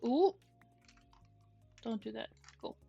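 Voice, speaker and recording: A woman's voice: on the high side, expressive, slow, creaky, slightly rough. A young adult woman streaming a game in casual chat, rambling through stories and cooing at her pet. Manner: chatty, rambling storytelling with restarts; coos softly at her pet. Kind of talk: casual chat while gaming. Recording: dull lo-fi stream mic. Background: faint music.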